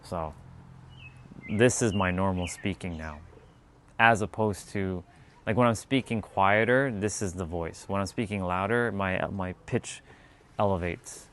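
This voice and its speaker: A man with a lowish voice chats loosely and reads viewer comments aloud, filling his talk with "like" and "you know". He laughs easily as he goes. Faint outdoor ambience with birdsong sits behind him. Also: measured pace, long pauses, slight background noise. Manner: rambling, filler-heavy, laughs easily. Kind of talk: casual chat, reading viewer comments.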